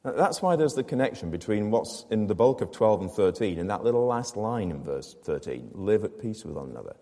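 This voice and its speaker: A man's voice: on the low side, sing-song, a little fast, warm tone, long reverb tail. A man preaching a sermon to his congregation, explaining a scripture passage with rhetorical questions and emphatic repetition. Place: church.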